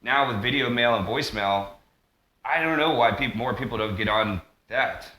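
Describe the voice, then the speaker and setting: A man's voice: mid-range voice, moderate pace, pushed and bright, a little hiss or hum. A man rambling through a monologue vlog, jumping between tangents with lots of fillers and restarts. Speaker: vlogger. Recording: echoey room.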